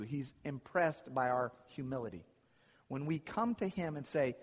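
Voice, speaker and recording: A man's voice: medium pitch, expressive, unhurried, in a large hall. A man preaching a sermon, retelling Bible stories and acting out the characters' lines.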